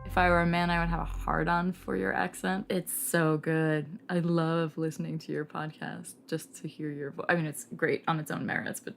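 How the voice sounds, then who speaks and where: A wry, flirtatious podcast host talks from bed, going from scripted intro narration to casual interview chat. Her gravelly, low-pitched voice holds a level tone at normal speed with few pauses, over faint background music.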